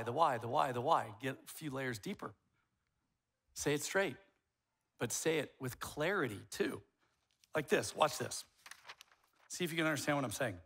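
A man preaching a sermon as pastor in a casual, conversational way, acting out examples and swinging from quiet asides to loud outbursts. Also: mid-range voice, husky.

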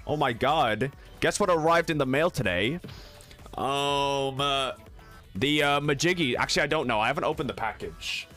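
A goofy young man streaming a game, talking to chat in a lively, swooping voice. He jokes around, swears and repeats himself for laughs. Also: mid-range voice, normal speed, soft background music. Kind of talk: casual gaming stream chat.

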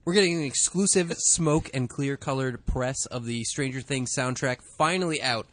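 A male host runs a casual podcast for a record store. He talks in a brisk, upbeat way about coming events. His voice sits at a middle pitch, recorded close and dry. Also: fairly bright tone, no echo.

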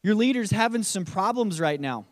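Male pastor, high-pitched, preaching sermon, reverberant hall sound. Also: animated, normal speed. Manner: preaching, voicing the taunts of a giant.

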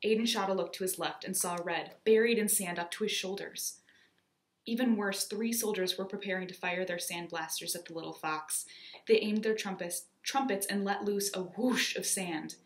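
Woman narrator, storybook reading, expressive and lively, mid-pitched, echoey room. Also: moderate pace. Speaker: children's story reader.

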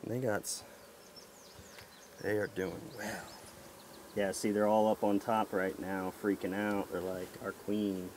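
A man vlogging outdoors as he works a beehive, talking to the camera in an excited, folksy way. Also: fairly low pitch, measured pace, long pauses, a little hiss or hum. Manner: excited, folksy, talks to camera while handling hives. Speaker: beekeeper vlogger. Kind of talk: casual outdoor narration while working. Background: buzzing bees.

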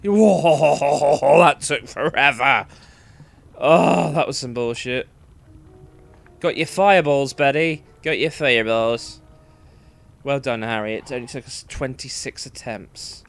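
A man's voice: medium pitch, takes it slowly, vocal fry. Exasperated man swearing at a game. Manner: frustrated, swears a lot, exasperated outbursts. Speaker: let's play streamer. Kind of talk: live gameplay commentary.

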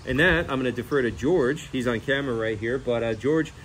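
Earnest, animated man talking casually. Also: medium pitch, fairly quick, slight background noise. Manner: earnest, animated, uses hypothetical scenarios. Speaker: host. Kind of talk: casual animal rescue talk.

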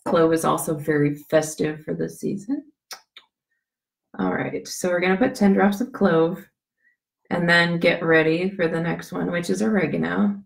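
A woman with a lowish, gravelly voice that is scratchy from a cough. She gives a casual how-to demonstration, chatty and rambling, full of fillers and restarts. The sound is echoey, as if from a bare room. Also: steady tone, normal speed. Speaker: essential oil demonstrator.

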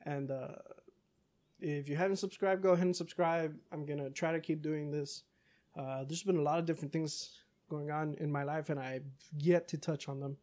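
A man giving casual let's-play commentary, talking back to the game's characters, cursing and breaking into yells. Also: fairly high pitch, moderate pace. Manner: excitable, curses, talks back to game characters, yells in bursts. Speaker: gaming YouTuber.

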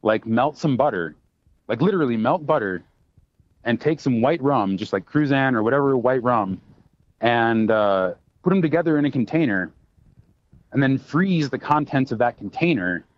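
A man's voice: mid-range voice, expressive, moderate pace. A man who works as a bartender, a guest on a podcast, talking casually and rambling with plenty of fillers and restarts. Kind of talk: casual chat. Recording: dry, slightly dull sound.

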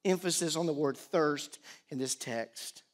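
Higher-voiced middle-aged pastor preaching. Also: male voice, a little slow. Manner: animated preaching, swings from loud pleading to quiet storytelling. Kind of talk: sermon.

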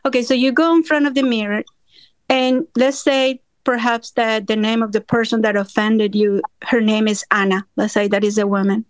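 A woman's voice: on the high side, steady tone, normal speed, no room sound. A woman in a study group sharing a personal testimony over a remote call, talking earnestly with small grammar slips. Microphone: remote call audio.

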